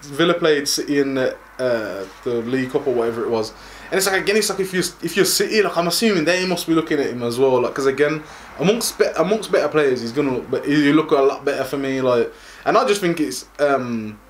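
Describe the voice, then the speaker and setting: A man's voice: a little high, expressive, fast talker, slight background noise. A man co-hosting a casual football podcast, rambling and restarting his sentences. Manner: rambling, many fillers and restarts. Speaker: podcast co-host.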